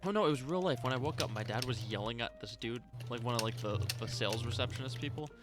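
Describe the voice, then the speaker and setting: A man's voice: medium pitch, fast, loud music behind the voice. A young man chatting casually while gaming, rambling with lots of fillers and swearing. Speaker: podcast co-host.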